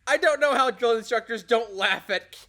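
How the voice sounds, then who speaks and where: A man in casual chat, reacting quickly with playful quips and laughter. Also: extremely high pitch, pushed and bright. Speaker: podcast co-host.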